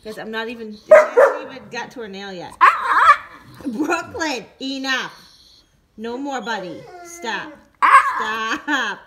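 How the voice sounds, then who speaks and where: A woman's voice: a little high, animated, takes it slowly, pauses often. A woman vlogging at home, coaxing, scolding and praising her dogs while she trims their nails. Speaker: dog owner vlogger. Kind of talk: casual home video. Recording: noisy room with dogs and clicks.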